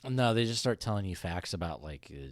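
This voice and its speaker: A man's voice: low-pitched, expressive, a little fast, no room sound, clean studio sound. A man co-hosting a podcast in casual chat, telling rambling, crude stories full of "like" and laughter. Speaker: podcast co-host.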